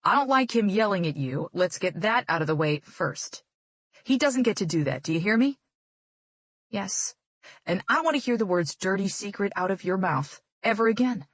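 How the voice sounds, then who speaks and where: A woman voicing a protective, loving middle-aged father who speaks gently but firmly. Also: mid-range voice, animated, normal speed, no room sound, natural voice.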